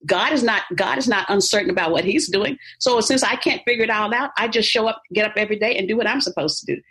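A woman's voice: medium pitch, fast talker, fairly bright tone, husky. A woman motivational speaker and author talking in an interview, emphatic and preacherly, laughing easily. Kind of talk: interview conversation.

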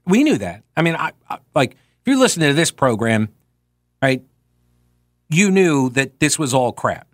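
A man's voice: medium pitch, sing-song, moderate pace, no room sound, clean studio sound. A man hosting talk radio, talking casually and reading quoted passages with sarcastic asides.

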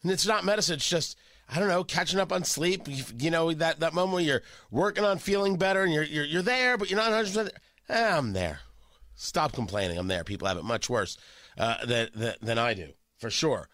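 A man hosting opinionated political talk radio, sarcastic and animated, often repeating and restarting his words, a little stuffy from a cold. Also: fairly high pitch, a little fast, no echo, studio quality. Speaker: radio talk show host.

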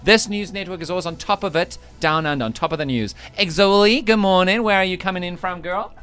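Male breakfast radio host, playful and teasing, quick to laugh. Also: high voice, a bit bright, clean tone, soft background music. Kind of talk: comedic breakfast radio banter.

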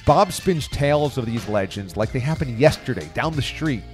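A man's voice: medium pitch, expressive, normal speed, faint music behind. A man in his forties hosting a podcast, reading an enthusiastic intro and then chatting with his guest. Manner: enthusiastic, conversational. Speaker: podcast host. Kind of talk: scripted podcast intro and interview.

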